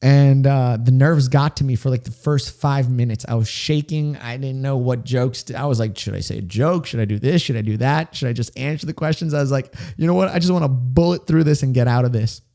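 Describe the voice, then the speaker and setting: A young man hosting a podcast, telling a personal story in a casual, excitable way, with "dude" and "like" all through it. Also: medium pitch, brisk, few pauses. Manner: excited, chatty, says "dude" and "like" often. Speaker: podcast host.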